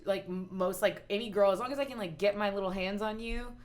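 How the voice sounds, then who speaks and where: A woman's voice: medium pitch, fast, crowd noise. A woman from Texas in her thirties, telling stories as a podcast guest with lots of laughter and "like" fillers. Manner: chatty storytelling, laughing often, heavy "like" fillers. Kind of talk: casual chat.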